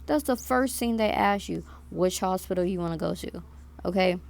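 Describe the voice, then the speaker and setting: A woman's voice: lowish voice, moderate pace, gravelly, darkish tone. A woman in her twenties telling a story to camera, indignant and repetitive, often adding "like" and "okay?". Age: 20s. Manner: indignant, repeats herself with "like" and "okay?". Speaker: vlogger.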